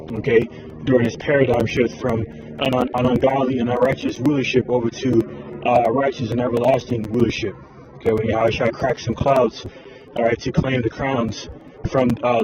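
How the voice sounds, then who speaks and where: A man's voice: medium pitch, background noise. A man giving informal religious commentary, rambling and packing his talk with fillers like "all right" and "man". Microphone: phone screen recording.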